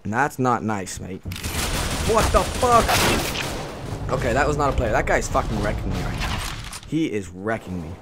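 A man giving live gameplay commentary, reacting out loud and swearing a lot as he plays. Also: fairly low pitch, animated, fairly quick, very noisy. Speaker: gaming channel host. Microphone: desk mic on a stand. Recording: loud gunfire under the voice. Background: shooter game gunfire.

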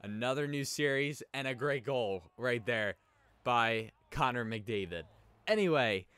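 A young man casually commentating on his own hockey video game as he plays, chatting and reacting loudly to plays. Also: medium pitch, expressive, unhurried, clean tone, no echo. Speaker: gaming YouTuber. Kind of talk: casual let's play commentary.

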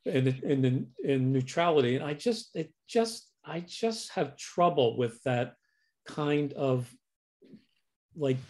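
A man hosting an interview with a fellow psychotherapist, speaking haltingly and searching for words over a video call. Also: mid-range voice, animated, darkish tone. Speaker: host and psychotherapist. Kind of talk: conversational interview.

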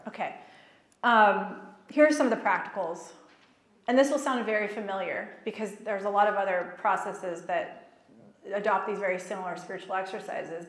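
Woman, faith-event speaker, lively and self-mocking storyteller, mid-pitched, miked in a reverberant hall. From child of Egyptian parents, raised in America. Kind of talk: personal storytelling talk. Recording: echoey hall.

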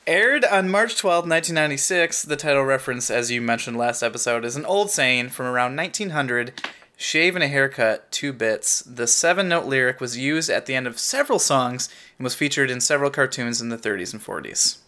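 A man's voice: medium pitch, expressive, a little fast, bright, forceful tone, slight background noise. A man co-hosting a casual podcast in an upbeat way, reading out episode facts and laughing often. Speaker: podcast co-host.

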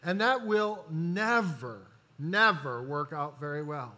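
Man, pastor, sermon, high voice, slow deliberate delivery, emphatic pauses. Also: expressive, pushed and bright. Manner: deliberate preaching with emphatic pauses and slowed key words; corrects himself mid-sentence.

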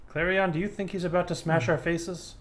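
A man playing a tabletop game as one of the players, reacting slowly and expressively. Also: sits high, fairly even intonation, background noise.

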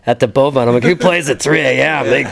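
A relaxed man from Canada, a guitarist and producer, chats about working with a band. He stops and restarts often, leaning on fillers. His tone is friendly and loose. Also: medium pitch, vocal fry, a crowd in the background. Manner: laughing, halting, many fillers. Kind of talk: casual chat. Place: recording studio lounge.

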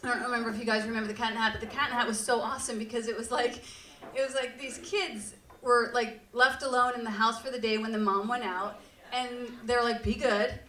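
A woman hosting a live storytelling show, telling comic stories in an animated, profane way and laughing often. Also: on the high side, fast, slight background noise. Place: live venue stage with audience. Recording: roomy live hall from far off.

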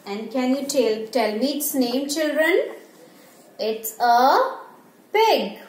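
A woman teacher with a high, animated voice goes over animals slowly with young children in a school classroom. She asks questions, answers them herself and imitates animal sounds, in an echoey room with faint ambient noise.

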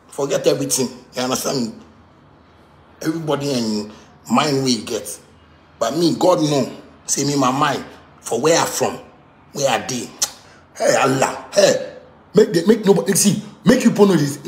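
A man with a Ghanaian Pidgin English accent delivering a heated, repetitive rant that swings from shouting to muttering. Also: medium pitch, reverberant. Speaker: musician ranting to camera. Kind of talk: angry rant.

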